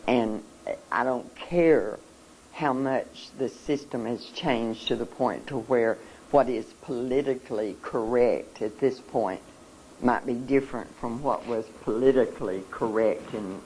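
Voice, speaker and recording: An adult speaks at a seminar in a slow, deliberate way. The talk is earnest and emotional, with frequent pauses and repeated words. A faint background noise sits under the voice. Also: medium pitch, a little mellow, low-quality recording.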